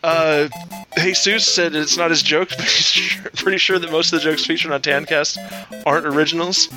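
A man's voice: fairly high pitch, fairly even intonation, moderate pace, sharp tone, soft background music. A man co-hosting a crude comedy podcast, rambling and playful as he reads out jokes. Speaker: podcast co-host.

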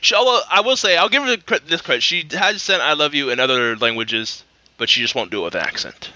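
A man co-hosting a podcast in casual chat, telling stories quickly and animatedly. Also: on the high side, lively intonation, pushed and bright, no room sound, highs cut off. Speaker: podcast co-host.

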